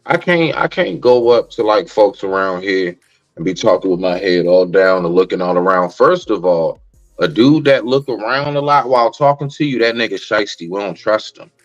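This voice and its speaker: Lower-voiced man, casual podcast talk. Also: animated, moderate pace, muffled recording. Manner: incredulous, questioning, then explaining. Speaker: podcast co-host.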